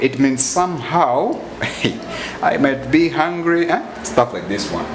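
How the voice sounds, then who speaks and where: Lively-voiced man teaching slang. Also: background noise. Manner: explains slowly, repeats example phrases, pitch rises and falls widely. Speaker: English teacher. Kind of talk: informal teaching. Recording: echoey room with faint ambience.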